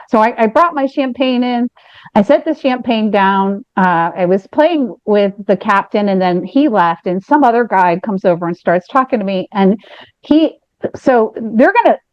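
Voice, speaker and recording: Woman, American, podcast co-host, fairly high voice, animated, rambling, dry dull sound. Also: no room sound. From United States. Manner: animated, rambling, frequent restarts. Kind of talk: candid storytelling chat.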